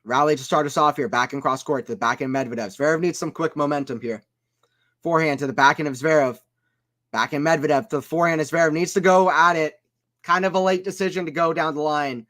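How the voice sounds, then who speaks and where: A man giving casual play-by-play commentary on a tennis watchalong stream, chatting with viewers between points and getting loud on big shots. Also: a little high, quick pace. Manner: chatty, reads chat aloud between points.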